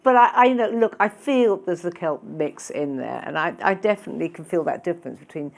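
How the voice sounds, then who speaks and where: A woman with a fairly low voice chats on a stage mic in front of a live audience. She talks loosely and warmly about her work, tossing in jokes at her own expense and sharp little asides. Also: expressive, brisk, gravelly. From England. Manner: chatty, self-deprecating, humorous asides. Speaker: guest speaker, retail expert and author. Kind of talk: casual stage conversation. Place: conference room with live audience. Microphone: handheld or lapel mic.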